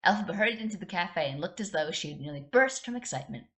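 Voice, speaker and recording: A woman's voice: fairly low pitch, lively intonation, quick pace, fairly bright tone. A woman hosting a podcast, reading fan fiction aloud casually, with chatty asides and little giggles. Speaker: podcast host.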